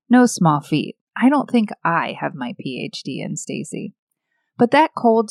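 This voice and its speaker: A woman's voice: fairly low pitch, darkish tone, dry recording, studio quality. Woman telling a playful devotional story. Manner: playful, self-deprecating storytelling. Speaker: podcast host. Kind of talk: scripted devotional talk.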